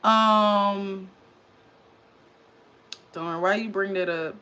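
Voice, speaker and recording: A woman hosting a casual livestream recap, chatting loudly and excitedly with her chat and reading their comments aloud. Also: medium pitch, drawn-out words, a little hiss or hum.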